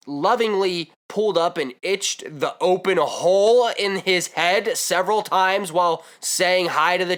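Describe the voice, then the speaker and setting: A man's voice: sits high, fairly bright tone. A young man vlogging, telling a comedic story with exaggerated asides and rambling digressions.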